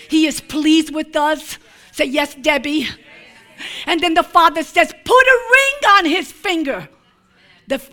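A woman preaching with a high, bright voice that leaps all over its range. She takes her time and turns from quiet, tender lines to loud, ringing shouts, breaking into playful asides along the way. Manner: dramatic, swings from hushed to shouting, playful asides. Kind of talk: sermon.

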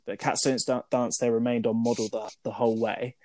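A man's voice: medium pitch, little pitch movement, fairly quick, warm tone, no room sound. A man co-hosting a casual film review chat, who often trips over his words and laughs them off. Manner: chatty, stumbles over words and laughs at himself. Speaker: podcast co-host.

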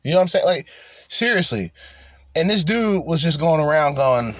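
A man doing casual reaction commentary, laughing and swearing in loose slang. His pitch swings widely as he gets worked up. The sound is close and dry, with no room around it. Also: moderate pace, dry recording. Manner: animated, laughing, profane slang.

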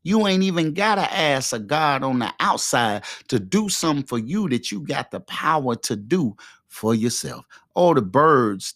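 A man's voice: mid-range voice, dry recording. A man hosting a podcast with a fervent, preachy motivational monologue, speaking into a close microphone. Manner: fervent, preachy, repetitive exhortations. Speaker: podcast host. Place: quiet room.

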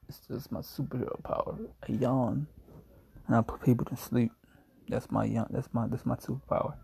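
A sleepy young man talks loosely through his own podcast from home, yawning as he goes and joking around in a laid-back ramble. His voice is dark and heavily husky, thick with gravelly fry. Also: mid-range voice, level tone, moderate pace. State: groggy and yawning, just woke from a nap. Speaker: podcast host. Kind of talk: casual solo podcast chat.

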